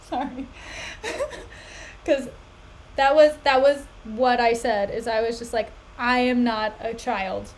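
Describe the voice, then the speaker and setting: A young woman streaming herself reading a play, breaking off into chatty, animated asides and frequent laughter. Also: high-pitched, unhurried, low-quality recording. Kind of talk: casual chat.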